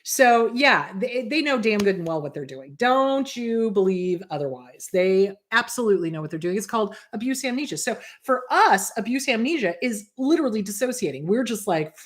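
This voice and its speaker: A woman therapist hosting her own show, talking casually and bluntly to viewers, often pausing to ask them whether they follow her point. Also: mid-range voice, expressive. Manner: emphatic, blunt, repeats rhetorical questions to the audience; acts out quoted voices in passing. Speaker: therapist and host. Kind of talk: casual advice talk to viewers.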